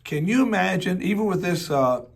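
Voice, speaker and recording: A man with a Southern accent, hoarse from laryngitis, preaching a personal storytelling sermon in a folksy way, with joking asides and repeated rhetorical questions. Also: high voice, lively intonation, moderate pace. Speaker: pastor.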